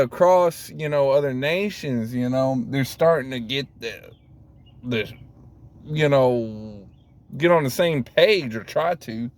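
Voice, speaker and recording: A man in a rambling, profane casual rant to camera, full of fillers and sudden high exclamations. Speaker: vlogger.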